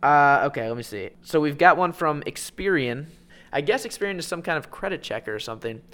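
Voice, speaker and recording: A man's voice: a little high, animated, fairly quick, a bit bright. A man co-hosting a casual podcast about email marketing, joking and teasing dryly as he goes. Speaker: podcast co-host.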